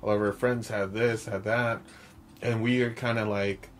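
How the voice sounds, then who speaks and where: A man with a lowish voice talks through a film in relaxed podcast chat, swearing freely. Faint noise hums behind him. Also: moderate pace. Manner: loose, storytelling, swears freely. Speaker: podcast co-host. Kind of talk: casual film discussion.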